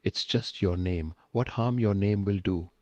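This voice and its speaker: A synthetic male voice with an Indian accent playing a lonely, pushy man who keeps pressing a stranger, speaking low and close to the mic in broken English. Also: unhurried, warm tone, no room sound. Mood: clingy pushy. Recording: dull, dry lo-fi synthetic voice.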